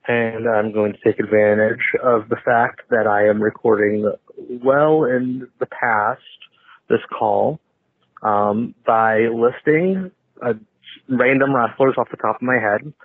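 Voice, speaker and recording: A man leaving a voicemail for a podcast, talking slowly and hesitantly with many pauses and ums. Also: medium pitch, no room sound. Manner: slow, hesitant, lots of ums. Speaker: voicemail caller. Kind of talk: recorded voicemail message. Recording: tinny phone line.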